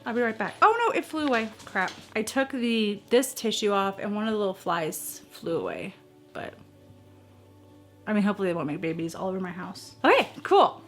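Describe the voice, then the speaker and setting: A middle-aged woman chatting casually at home in a vlog, excitable and gushing, often squealing. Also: mid-range voice, a little fast, faint music behind. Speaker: vlogger. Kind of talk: casual chat.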